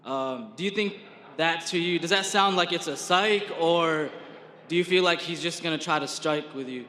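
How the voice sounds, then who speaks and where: A man's voice: fairly high pitch, moderate pace, pushed and bright, echoey room, big-room sound. A man asking questions as a reporter at a press conference, chatty and hedging with fillers.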